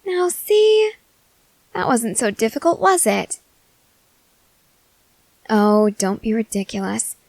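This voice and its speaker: A young woman voicing an obsessive, possessive queen in an ASMR role-play, talking softly and insistently. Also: mid-range voice, lively intonation, vocal fry, no echo, heavily acted. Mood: sweet. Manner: slow, soft, controlling and insistent.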